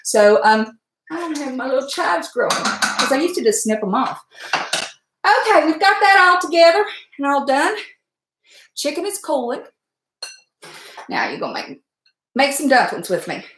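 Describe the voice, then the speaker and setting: A woman's voice: high voice, sing-song, moderate pace, long pauses, echoey room, background noise. A woman hosting a live cooking stream, chatty and folksy, greeting viewers and laughing often. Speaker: cooking livestream host. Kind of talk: casual live cooking demo. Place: home kitchen.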